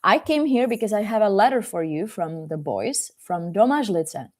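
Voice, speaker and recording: A woman's voice: mid-range voice, very animated, moderate pace, a little mellow. A woman reading the part of a kindly, patient male author in a storybook, in her own everyday voice.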